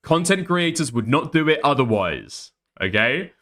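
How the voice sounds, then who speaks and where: Brief: blunt male streamer commentator, a touch high-pitched. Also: very animated, normal speed, sharp tone. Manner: blunt, profane, repeats "okay?". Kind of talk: casual reaction commentary.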